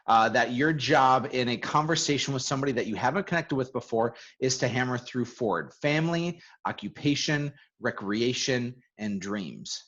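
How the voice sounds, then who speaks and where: A man co-hosting a real estate coaching webinar in casual chat, quick and prone to repeating words as he starts a sentence. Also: mid-range voice, lively intonation, a bit bright. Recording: dull lo-fi audio.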